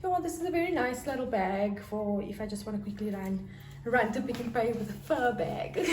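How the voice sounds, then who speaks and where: A woman's voice: fairly high pitch, normal speed. A young South African woman with a South African accent, gushing over her haul in a casual fashion vlog. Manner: gushing, bursts into excited squeals. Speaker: fashion vlogger. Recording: echoey room with faint noise.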